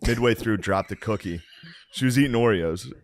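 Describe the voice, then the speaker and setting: A man's voice: lowish voice, fairly quick. A young man, a comedian and podcast host, telling stories casually and acting out his family's voices. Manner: animated, acts out family members' voices. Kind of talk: casual storytelling.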